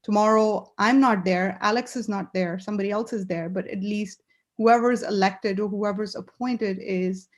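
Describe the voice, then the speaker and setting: A woman's voice: mid-range voice, steady tone, moderate pace. A woman on a city council speaking in a meeting, earnest and repeating phrases as she works through her thought. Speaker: council member.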